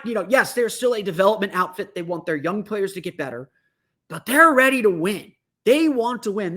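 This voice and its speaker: High-voiced man hosting a sports podcast. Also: fairly bright tone. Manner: thinking aloud, many restarts and fillers. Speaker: podcast host. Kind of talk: solo podcast analysis.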